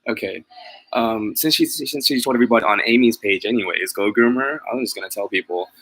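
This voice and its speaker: A man's voice: mid-range voice, quick pace, fairly bright tone, poor audio. A man chatting casually to his viewers, rambling and self-deprecating, laughing often, with many fillers and restarts. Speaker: mobile pet groomer vlogger. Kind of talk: casual chat to live viewers.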